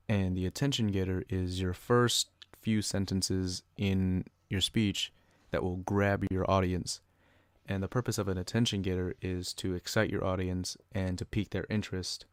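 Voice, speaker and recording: A young man with a very low voice reads a scripted educational podcast. His delivery stays a bit flat as he follows his prepared notes. The recording is dry, with no room sound around him. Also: no echo. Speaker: student podcaster.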